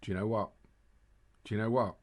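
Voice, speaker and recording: A man's voice: on the low side, steady tone, brisk. A man co-hosting a casual podcast, rambling and laughing at his own jokes as he chats with a friend. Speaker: podcast co-host. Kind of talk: casual chat.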